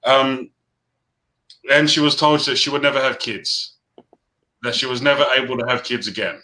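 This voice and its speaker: A man with a bright, forceful voice at a middle pitch tells a story from his own life in an easygoing chat. He speaks earnestly and haltingly, breaking off and restarting his sentences. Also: steady tone, low-quality recording. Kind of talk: personal storytelling in casual chat.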